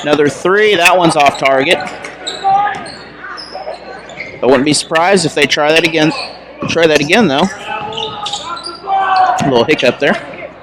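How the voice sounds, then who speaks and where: Young male play-by-play announcer, casual and chatty, slightly high voice, noisy gym. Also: very animated, unhurried, pauses often. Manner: casual, chatty, self-correcting. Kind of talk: high school basketball commentary.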